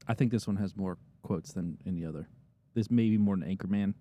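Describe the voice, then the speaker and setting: A man's voice: deep voice, fast, mellow, highs cut off. A young man co-hosting a podcast in casual chat, swearing freely and laughing through his stories. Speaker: podcast co-host.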